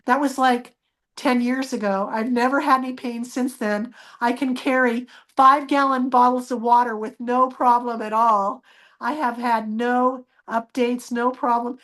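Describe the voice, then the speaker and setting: A woman with a fairly high voice tells a personal story in an interview. She speaks earnestly and acts out remembered dialogue by lifting her voice. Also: fairly even intonation, a little slow, a bit bright. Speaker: interview guest.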